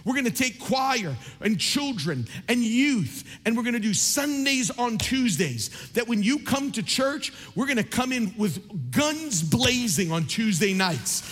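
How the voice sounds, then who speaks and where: A man preaching a sermon as pastor, impassioned and building to near shouts. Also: extremely high pitch, sing-song, unhurried, hardly any pauses, soft background music. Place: large church sanctuary. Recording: long reverb of a large hall.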